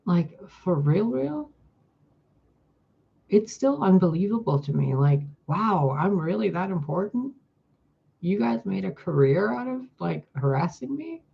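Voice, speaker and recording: A woman's voice: lowish voice, expressive, moderate pace, gravelly, lo-fi sound, slight background noise. A woman vlogging in a casual, profane, exasperated rant into a phone mic.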